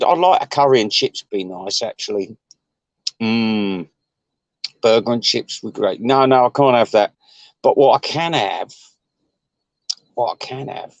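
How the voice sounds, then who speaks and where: A man chatting to his viewers in a rambling, sweary way, chuckling often and jumping his voice up high. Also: unhurried, long pauses, dry recording, highs cut off. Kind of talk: casual rambling chat.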